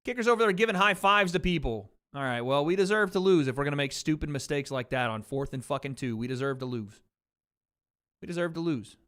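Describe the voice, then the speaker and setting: A man's voice: on the high side, lively intonation, fairly quick, fairly bright tone, clear, resonant tone. A man hosting a livestream watch party, riffing on chat in blunt, profane casual commentary. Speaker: livestream host.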